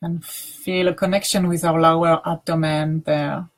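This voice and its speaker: A woman teacher leading a guided grounding practice, speaking softly with many pauses and restarts. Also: low voice, flat delivery. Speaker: meditation teacher.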